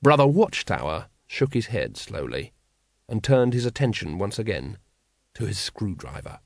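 A man's voice: on the low side, sing-song, moderate pace, creaky, dry recording, clean studio sound. Wry male audiobook narrator. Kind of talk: scripted narration.

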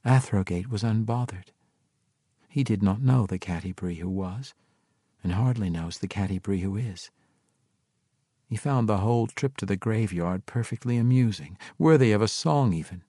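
A man voicing a grieving, resolute woman warrior-wizard in an audiobook, speaking softly and measured. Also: fairly low pitch, husky, dry recording, clean studio sound. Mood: solemn. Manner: soft, hushed, measured.

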